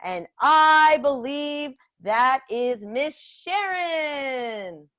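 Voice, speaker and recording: A woman leading a children's gathering, giving a slow, deliberate sermon reflection and calling her listeners her friends. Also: high-pitched, animated, a bit bright.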